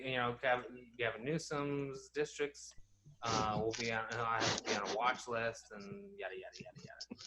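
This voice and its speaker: A man's voice: mid-range voice, noisy background. Young guy rambling on a podcast, lots of ums and restarts. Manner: rambling, many fillers and restarts. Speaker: podcast co-host. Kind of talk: casual chat.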